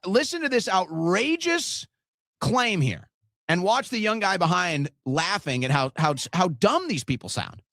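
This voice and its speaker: A man's voice: sits high, sing-song, a little slow, gravelly, fairly bright tone, no room sound. A man riffing on clips with open sarcasm, his voice swinging up and down. The sound is close and dry, with no room around it. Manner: sarcastic, incredulous. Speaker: show host. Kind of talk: commentary over news clips.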